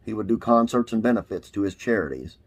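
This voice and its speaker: A man's voice: fairly low pitch, animated, fast talker. A man hosting a classic TV trivia channel, reading an article aloud in a casual way with frequent "uh" fillers.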